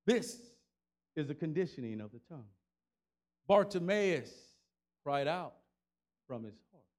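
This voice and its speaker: A man preaching a sermon in a colloquial style, repeating phrases rhythmically and rising to shouted climaxes with call-and-response. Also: fairly high pitch, expressive, a little slow.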